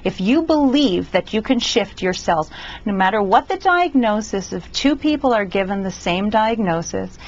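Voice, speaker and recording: A woman's voice: mid-range voice, expressive, normal speed, highs cut off. A woman guest on a talk show, speaking earnestly and reflectively, sometimes getting emotional. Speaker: guest author.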